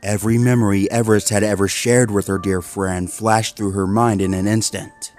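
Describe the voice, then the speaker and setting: A man's voice: fairly low pitch, little pitch movement, moderate pace, a little mellow, faint music behind. Man narrating a horror story.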